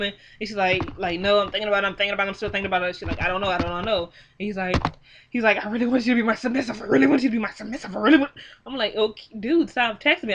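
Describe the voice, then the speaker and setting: A young woman talks through a movie plot in a casual, animated way. Her voice sits a little high and bright. She keeps slipping into quick quoted lines for the characters. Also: slight background noise. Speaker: film reviewer. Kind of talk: casual movie recap and commentary.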